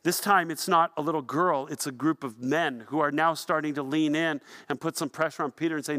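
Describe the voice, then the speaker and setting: A man delivering a sermon as pastor, telling a story with animation and swinging from hushed to loud. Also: a little high, brisk, few pauses.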